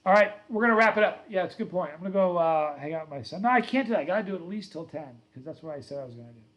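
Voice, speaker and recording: Middle-aged male stream host, a bit higher-pitched, loose rambling storyteller who chats with viewers. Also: lively intonation, rapid-fire, fairly bright tone, dull audio. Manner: rambling, reads viewer comments aloud; storytelling, self-correcting. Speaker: livestream host. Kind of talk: casual livestream chat.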